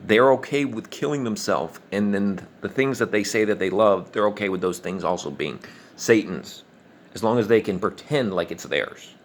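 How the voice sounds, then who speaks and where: A man with a fairly low voice rants in an angry monologue. He swears often and hammers his points in a combative, preachy way. He pushes through his lines fast and insistently. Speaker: online commentator.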